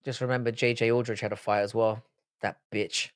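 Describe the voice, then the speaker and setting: A man's voice: mid-range voice, flat delivery, a little fast, smooth, no room sound, studio quality. A young man hosting a live-stream panel, talking in casual, blunt and profane banter. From United Kingdom. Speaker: livestream panel host.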